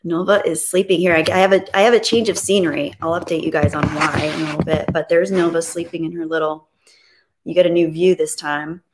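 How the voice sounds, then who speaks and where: A woman hosting a casual live stream, greeting viewers and reading their messages aloud, soft and reflective when she talks about grief. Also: deep voice, fairly even intonation, a little fast, a little hiss or hum.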